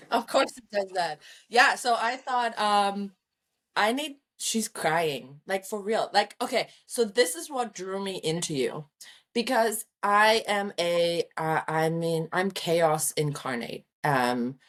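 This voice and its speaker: A woman's voice: medium pitch, expressive, slow pace, a bit bright. A woman author co-hosting a podcast, chatting casually in a rambling way with frank asides. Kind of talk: casual chat.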